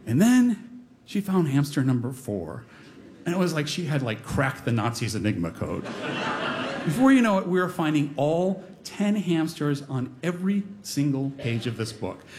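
A man's voice: fairly high pitch, sing-song, normal speed, darkish tone. A middle-aged man telling a personal story on stage before a live audience, wry and self-deprecating with comic timing.

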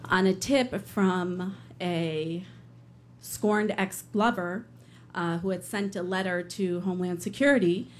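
A woman's voice: lowish voice, takes it slowly, slight background noise. A woman telling a personal story live on stage, earnest, with some hesitant fillers.

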